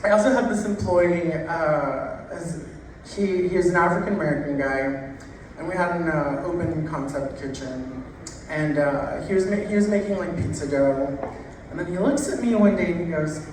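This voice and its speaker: A woman stand-up comedian telling jokes in an unhurried, deadpan way, stretching out her punchlines. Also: on the low side, a little hiss or hum. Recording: echoey room heard from a distance.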